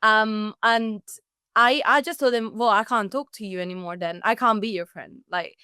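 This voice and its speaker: A woman's voice: fairly high pitch, normal speed, sharp tone, smooth, no room sound, clean studio sound. A young woman from Italy, a guest telling her love story in a chatty, self-interrupting way and laughing as she goes. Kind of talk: casual storytelling conversation.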